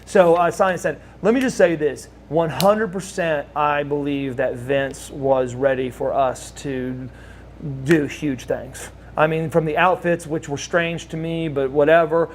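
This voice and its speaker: A man's voice: a little high, fairly even intonation, a little slow, slight background noise. Rambling Southern man telling stories. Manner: rambling anecdotes with restarts, laughs while telling. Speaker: interview guest, former wrestler. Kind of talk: casual storytelling interview.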